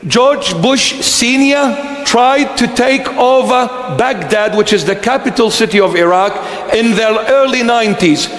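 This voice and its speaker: A man preaching a sermon as a bishop, whose first language is Aramaic, speaking slowly and repeating phrases for emphasis in a church. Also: high-pitched. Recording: echoey church hall.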